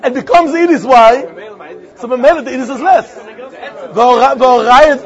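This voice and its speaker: A man with a Yiddish-inflected accent, giving a Talmud lesson in an animated, repetitive, sing-song way with many questions. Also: extremely high pitch, moderate pace, highs cut off, some chatter behind. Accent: Yiddish-inflected English. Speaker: Talmud teacher.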